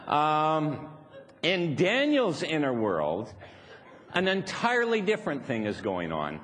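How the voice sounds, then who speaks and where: A man's voice: a little high, wildly swooping pitch, slow, fairly bright tone. A man leading a live seminar, teasing and chuckling as he explains his point to the audience. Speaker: seminar speaker. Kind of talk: live motivational seminar talk. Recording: echoey hall, faint background noise.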